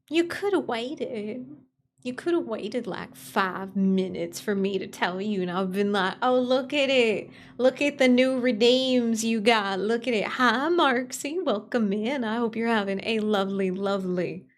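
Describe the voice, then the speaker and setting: A woman's voice: mid-range voice, creaky, a little hiss or hum. A young adult woman streaming, chatting casually with her chat, repeating greetings and laughing often.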